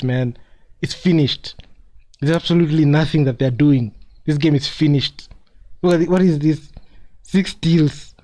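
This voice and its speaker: A man's voice: a little high, warm tone. Mocking man commenting live on a game. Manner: mocking, laughs often, repeats himself. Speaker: basketball commentator streaming live.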